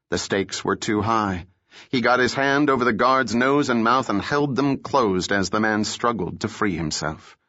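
A man narrating a thriller novel in a steady, measured storytelling voice, recorded close to the mic. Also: lowish voice, no room sound, muffled recording. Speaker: audiobook narrator.

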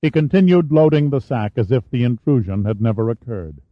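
A man reading a novel aloud as narrator, telling the story in an even manner and shifting his voice for the dialogue. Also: medium pitch, a little fast, no room sound, dull audio. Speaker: audiobook narrator. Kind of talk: scripted narration with character voices.

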